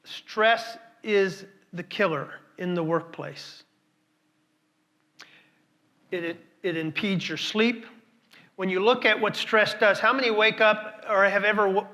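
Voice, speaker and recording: A man's voice: high voice, fairly even intonation, moderate pace, pushed and bright. A man speaking at a conference, telling stories and repeating words for emphasis while questioning the audience. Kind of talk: conference talk.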